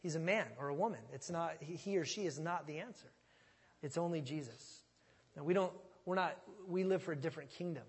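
A man with a voice on the high side and a breathy edge preaches a little fast. It's an expository sermon given in a relaxed, folksy manner, with many restarted words as he works through his thoughts, and a large hall adds long reverb.

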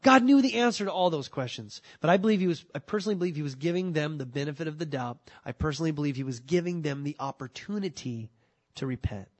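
A man preaching a sermon, animated, acting out the excuses people make in little voices. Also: on the high side, quick pace. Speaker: pastor.

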